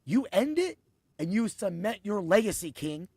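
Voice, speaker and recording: An excitable man hosting a casual sports podcast, his voice carrying a gravelly edge. He rambles, swears and laughs as he talks, and the sound is close and dry with no room around it. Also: sits high, normal speed, no room sound. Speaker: podcast host.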